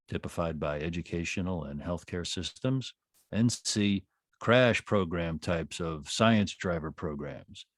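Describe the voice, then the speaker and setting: A man reading a text aloud to a study group, with expressive and deliberate emphasis. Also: on the low side, no echo, clean studio sound.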